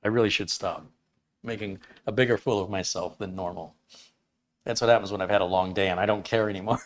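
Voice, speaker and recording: A man's voice: lowish voice, steady tone, fairly quick. A man in his fifties hosting a casual livestream chat, rambling and joking at his own expense. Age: 50s. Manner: rambling, self-deprecating, jokey. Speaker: livestream host.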